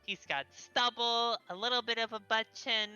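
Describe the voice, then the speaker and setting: A woman's voice: a little high, moderate pace, clear, resonant tone, highs cut off, soft background music. A woman narrating a tabletop game as game master, giggly and chatty. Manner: giggly, lively, chatty with fillers.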